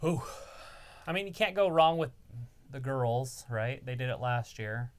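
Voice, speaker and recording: A woman's voice: extremely low pitch, expressive, a little slow. A woman co-hosting a live stream, chatting casually and teasingly about wrestling. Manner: teasing, offhand.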